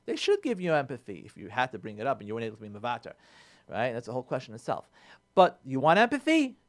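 A man, a rabbi, giving marriage advice on a radio show in an animated way, repeating phrases and mixing in Hebrew terms. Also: medium pitch, fast. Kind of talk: radio talk. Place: radio studio.

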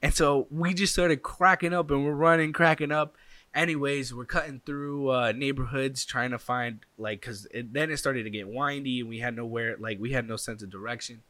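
A young man casually telling a personal anecdote, animated and acting out the people in it with sound effects. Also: mid-range voice, normal speed, dry recording. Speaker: storyteller.

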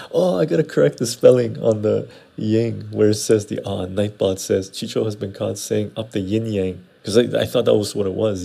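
Casual livestream host, a man from Western Canada, low husky voice, rambling and chatty. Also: warm tone. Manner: rambling, conversational, often tags "right?". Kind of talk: casual livestream chat answering viewer comments. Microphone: lapel mic.

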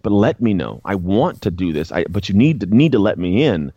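A man's voice: sits low, sing-song, brisk, mellow, dry recording, lo-fi sound. A man guest speaking earnestly in a casual conversation, often repeating words as he thinks. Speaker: guest, former pro football player and author.

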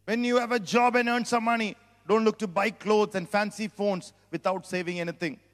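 A man's voice: high-pitched, steady tone, brisk. A man with an Indian accent preaching a sermon as pastor, exclaiming hallelujah and praise the Lord between points. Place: church hall. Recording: long church hall reverb.

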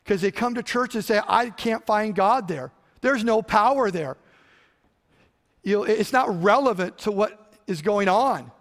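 A middle-aged man preaching a sermon, telling stories and switching between loud emphasis and quiet asides. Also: high-pitched, vocal fry. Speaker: pastor. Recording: long hall reverb.

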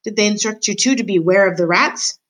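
A woman voicing an odd, gruff old man who works as a jailer and speaks of himself by name. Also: mid-range voice, fairly quick, a bit bright, lightly acted.

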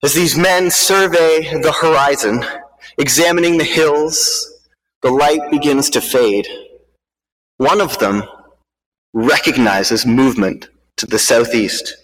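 A man preaching, telling a dramatic story in a vivid, measured way, recorded with a long hall reverb. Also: on the high side, fairly bright tone.

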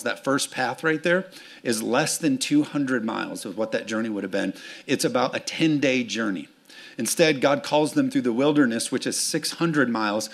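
Gravelly guy preaching to his church, tells stories, does little voices, asks for amens. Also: medium pitch. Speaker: pastor. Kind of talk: sermon. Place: church sanctuary with congregation.

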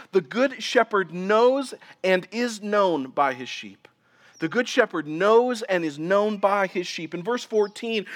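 A man in his thirties preaching a sermon as pastor, earnest, slowing down and dropping quiet for emphasis. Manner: earnest preaching, slows for emphasis, drops to quiet low lines.

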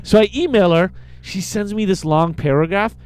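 A man in casual chat, joking as he tells a story and acts out the people in it. His voice is high and rings clear and smooth. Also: moderate pace, a little mellow. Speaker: podcast co-host.

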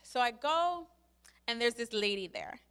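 Brief: young woman, chatty testimony, crisp bright tone, slightly high voice, lots of "like". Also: a little slow. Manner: animated, acts out her own quotes, many "like" fillers. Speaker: speaker sharing a testimony. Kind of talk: casual storytelling testimony.

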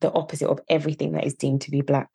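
A woman's voice: low-pitched, racing, creaky, husky, dry recording. A woman with a Yorkshire accent co-hosting a podcast, talking earnestly and at length. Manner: earnest, discursive, animated when riled. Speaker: podcast co-host. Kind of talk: casual chat.

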